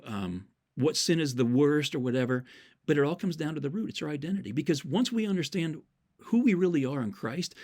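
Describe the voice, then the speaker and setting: A man giving an earnest, sermon-style talk, telling stories and citing scripture verses from memory, repeating key words for emphasis. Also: a little high. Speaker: Christian speaker.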